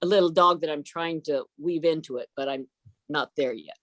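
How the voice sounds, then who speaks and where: A woman telling a folk tale over a video call, her voice low and gentle. The sound is dry and close, with little room. Her delivery is folksy. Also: moderate pace, dry recording. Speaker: storyteller. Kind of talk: oral storytelling.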